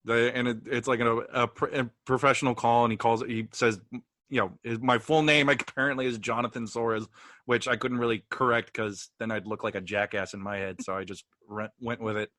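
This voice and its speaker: A man's voice: medium pitch, steady tone, brisk, sharp tone, no echo. A man co-hosting a podcast, talking in an easygoing, casual way with wry, dry humor. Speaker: podcast co-host.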